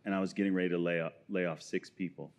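A man, a fellow minister, adding quick, earnest remarks in casual conversation. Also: sits low, level tone. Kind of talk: casual chat.

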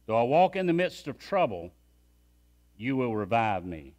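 A man's voice: mid-range voice, sing-song, moderate pace, darkish tone. A man preaching a sermon as pastor, emphatic and calling on the congregation to repeat phrases after him.

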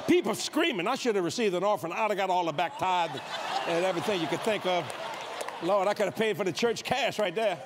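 A man's voice: sits high, fast, crowd noise, noisy background. A middle-aged man preaching a humorous sermon on a convention stage, acting out scenes with sound effects. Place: convention stage before a live audience.

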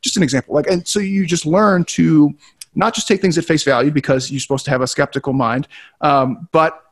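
A man co-hosting a casual webinar, talking quickly and animatedly and swearing freely. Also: a little high, fairly even intonation. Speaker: co-host.

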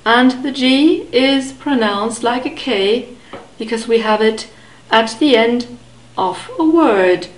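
A woman teaches pronunciation at a very slow, unhurried pace, her voice a little on the high side. She enunciates each word carefully and repeats it for the listener. The sound is roomy, with a noticeable echo around her. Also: lively intonation. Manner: careful, deliberate enunciation with repeated model words. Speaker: language teacher.

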